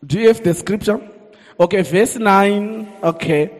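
Zimbabwean preacher guy, really high voice, lively, keeps getting the crowd to answer, long echo in the church. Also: unhurried. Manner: energetic, calls on the congregation, switches between languages. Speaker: pastor. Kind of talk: sermon. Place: church hall. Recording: echoey church hall reverb.

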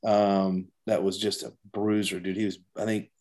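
A man's voice: lowish voice, flat delivery, moderate pace, a little mellow. A man chatting as a podcast guest, a rambling storyteller who restarts his sentences often. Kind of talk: casual chat.

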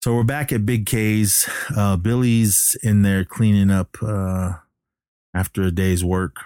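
Man, low voice, casual rambling recap, dry close sound. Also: flat delivery, slow, mellow, clear, resonant tone, no room sound. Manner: rambling, filler-heavy storytelling.

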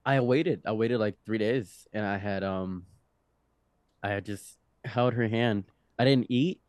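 A man's voice: fairly low pitch, a little slow, no room sound, studio quality. Young man telling a wild story. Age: young adult. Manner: animated, laughing often, swings between hushed and loud. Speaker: podcast guest. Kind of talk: casual storytelling.

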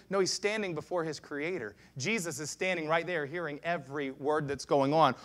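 A pastor preaching a sermon with passion, swinging between hushed lines and loud shouts. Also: male voice, a little high, fairly quick, hardly any pauses.

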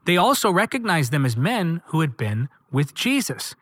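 A man's voice: on the high side, sing-song, moderate pace, a bit bright, no room sound, clean studio sound. A man preaching a sermon, reading scripture aloud and driving points home with rhythmic, emphatic repetition.

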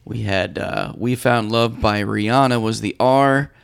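Low scratchy-voiced man. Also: measured pace. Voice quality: scratchy, husky voice. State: voice nearly gone. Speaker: podcast co-host. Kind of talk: casual podcast banter.

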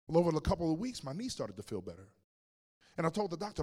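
A pastor preaches a sermon in a large hall with long reverb, his fairly high, darkish voice very animated and quick. He tells a personal story with humor and addresses the congregation directly.

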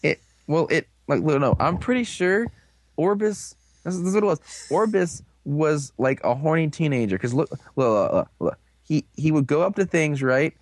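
A man's voice: fairly high pitch, animated, moderate pace, no room sound. A young man co-hosting a casual recap podcast, rambling and crude with a sarcastic edge. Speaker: podcast co-host.

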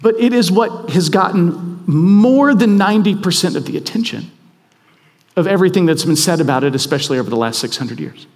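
A man's voice: sits high, expressive, fairly quick. A man preaching a sermon in a conversational, self-deprecating, emphatic way. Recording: long hall reverb.

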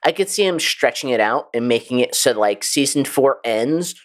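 A man's voice: mid-range voice, lively intonation, moderate pace. A man co-hosting a podcast, chatting in a rambling, profane way with lots of "like". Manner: rambling, filler-heavy, profane. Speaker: podcast co-host. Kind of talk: casual chat.

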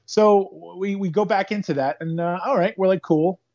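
A man co-hosting a casual chat about a movie, retelling scenes in a rambling, animated way with quick quoted asides. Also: high voice. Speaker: podcast co-host. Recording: dull lo-fi sound.

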